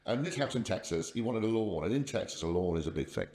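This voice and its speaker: An older man, a software company founder appearing as a podcast guest, rambles through business anecdotes in casual conversational storytelling, restarting often. He talks fast in a lowish, darkish voice with lively intonation.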